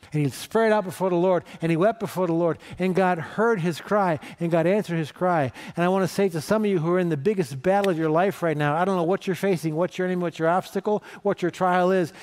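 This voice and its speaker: A man's voice: high voice, fairly quick, darkish tone. A middle-aged man from northeast Ohio preaching a sermon in a conversational, storytelling way, asking the congregation questions. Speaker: pastor.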